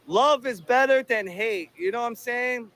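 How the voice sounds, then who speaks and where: A man's voice: very high-pitched, normal speed, fairly bright tone. A man filming outdoors on a handheld phone, taunting people in a profane, combative way. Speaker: video host filming encounters. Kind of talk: confrontational street filming.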